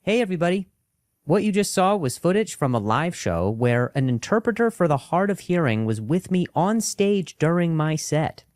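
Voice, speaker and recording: A man's voice: a little high, very animated, moderate pace, a little mellow, no room sound. A man introducing his own comedy clip to viewers, stuttering and joking about it. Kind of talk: casual direct-to-camera intro.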